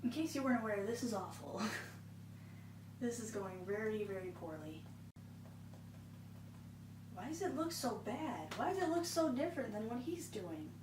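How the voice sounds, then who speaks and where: A woman's voice: fairly high pitch, expressive, moderate pace, long pauses. A woman vlogger giving casual, self-deprecating commentary while painting along, with exasperated asides. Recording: echoey room, far from mic, noisy.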